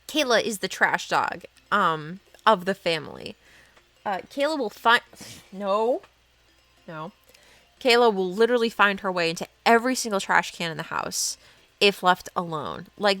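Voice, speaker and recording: Giggly woman, casual chat, talks to her dogs, home studio, animated tone. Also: mid-range voice, normal speed, soft background music. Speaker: art streamer. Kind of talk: casual live-stream chat.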